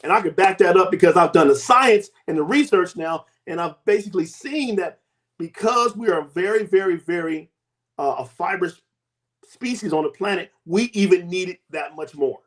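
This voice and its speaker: A man in his fifties, a guest giving a lively personal testimony and acting out the people in it. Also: high voice, moderate pace. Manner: animated storytelling, acts out quoted voices.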